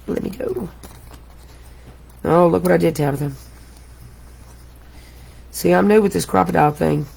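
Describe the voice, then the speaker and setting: A middle-aged woman talks her way through a live craft demo, rambling and exclaiming as she works. Her voice has a gravelly, fry-tinged edge, and she keeps cracking herself up. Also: on the low side, a little slow, mellow. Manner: chatty, exclamatory, laughs at herself. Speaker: crafting host. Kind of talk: live craft tutorial chat.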